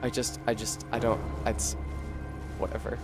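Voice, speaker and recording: A man's voice: on the low side, fairly even intonation, normal speed, over music. A man streaming a video game, chatting casually with viewers in a rambling, profane way. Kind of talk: casual chat while gaming.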